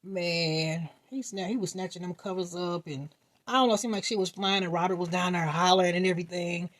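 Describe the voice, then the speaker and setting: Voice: mid-range voice, fairly quick. A vlogger casually telling a funny dream, acting out reactions, laughing often and swearing freely. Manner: animated, acts out voices and reactions, laughs often.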